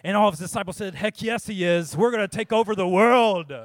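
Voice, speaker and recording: A pastor doing a booming movie-trailer announcer. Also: male voice, fairly quick, no room sound, lightly acted. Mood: triumphant. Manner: swelling, dramatic, rising to shouts. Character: booming movie-trailer announcer, male adult, over-the-top.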